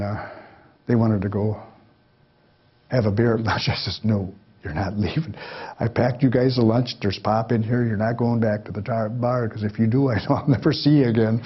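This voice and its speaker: Husky older man telling folksy stories. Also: medium pitch, dull audio. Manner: folksy, acts out the voices in his anecdotes. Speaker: guest speaker. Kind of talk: storytelling talk to a live audience.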